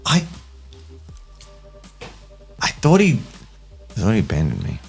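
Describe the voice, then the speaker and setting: A man voicing a lonely young man who stammers with excitement. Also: on the low side, unhurried, gravelly, breathy edge, soft background music, heavily acted. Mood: anxious relief. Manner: eager, stammering, breathless with excitement.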